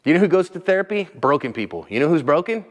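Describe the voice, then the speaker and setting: A man hosting a casual instructional talk, earnest and emphatic, dropping low and quiet when he describes staying calm. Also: fast talker, big-room sound. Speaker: host.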